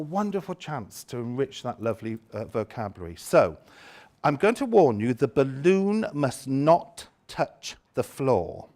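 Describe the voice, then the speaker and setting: A man leading a lively workshop demonstration, theatrical and teasing as he directs volunteers. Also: mid-range voice. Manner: theatrical, playful, teasing volunteers with exaggerated delight. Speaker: education trainer leading a seminar.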